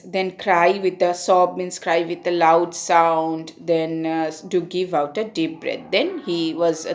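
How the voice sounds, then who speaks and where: Patient woman teacher. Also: mid-range voice. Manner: patient, repeats and checks with "okay?" and "isn't it?". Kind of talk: explaining a poem to young pupils.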